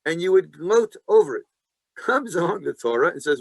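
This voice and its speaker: A man with a fairly high voice teaching a Torah class. He talks with emphasis, poses questions and answers them himself, and mixes in jokes. The sound is dry and close. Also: lively intonation, brisk, no room sound. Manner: emphatic, asks and answers his own questions, joking asides. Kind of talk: lively Torah lesson.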